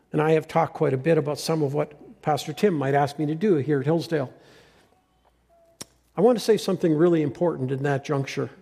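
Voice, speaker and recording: An older man preaching a farewell sermon as the pastor, earnest and halting, with frequent restarts. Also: on the high side, a little mellow, long reverb tail.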